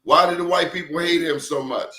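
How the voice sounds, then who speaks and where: A man telling stories in a lively interview, acting out quotes and questioning his listener. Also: a little high, a little fast, echoey room. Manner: animated storyteller, acts out quotes, asks the listener questions. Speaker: guest. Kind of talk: casual storytelling interview.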